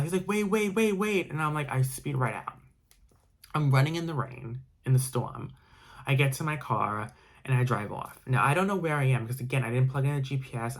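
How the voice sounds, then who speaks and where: A man telling a personal story in a casual vlog, rambling with frequent restarts and fillers. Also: medium pitch. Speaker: vlogger.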